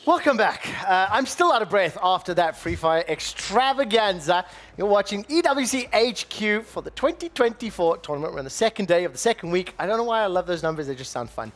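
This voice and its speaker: A man's voice: sits high, fairly bright tone. A man hosting an esports studio show in a breezy, playful way.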